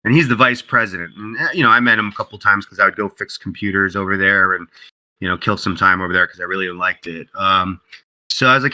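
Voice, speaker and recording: A man being interviewed as a guest, telling a casual story in an animated way, acting out quoted dialogue, with many fillers and restarts. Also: deep voice, fast talker, rough recording. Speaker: interview guest, game company co-founder.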